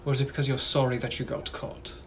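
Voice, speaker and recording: A man voicing a suave, menacing 1800s British gentleman with a British accent, in whispered role-play, purring and teasing. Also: mid-range voice, little pitch movement, fast, a little hiss or hum, close to an everyday voice.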